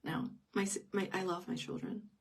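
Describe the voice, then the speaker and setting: A woman's voice: medium pitch, fairly even intonation, normal speed, slightly rough, recorded from a distance. A middle-aged woman telling a personal story in an unscripted live stream, intimate and emotional, often dropping to a whisper. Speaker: grief teacher.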